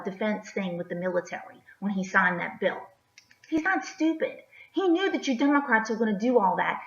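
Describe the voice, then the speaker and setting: In a high, somewhat bright voice, a woman who vlogs about politics delivers an emphatic opinion rant packed with rhetorical questions and tacked-on "okay?"s. It's captured in an echoey, slightly dull recording.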